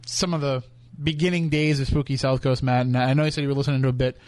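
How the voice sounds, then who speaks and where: A man's voice: medium pitch, fairly even intonation, quick pace, a little mellow, no echo. A man hosting a radio show from a studio, chatting casually with his co-host and laughing often. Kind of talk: casual on-air banter. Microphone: studio microphone.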